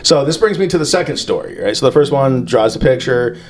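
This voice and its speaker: Lively, crude-joking male podcast host. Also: mid-range voice, fairly quick. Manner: crude, joking storyteller who laughs often. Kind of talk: casual chat.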